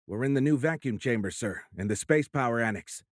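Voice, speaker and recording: A man's voice: mid-range voice, animated, a little fast, dry recording, studio quality, natural voice. A man voicing an earnest lieutenant colonel, formal and respectful, confused by events. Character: earnest male Air Force lieutenant colonel.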